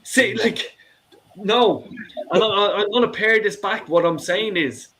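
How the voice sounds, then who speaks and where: This middle-aged man's phone-in is an impassioned rant full of swearing and stumbles on repeated words. His voice is high and sharp in tone, delivered at a measured pace.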